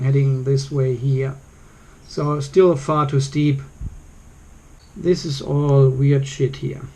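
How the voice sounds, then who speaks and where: A man's voice: on the high side, a little mellow. A man filming a casual vlog at his home carport, talking to camera in an exasperated, repetitive, ranting way. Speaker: car vlogger.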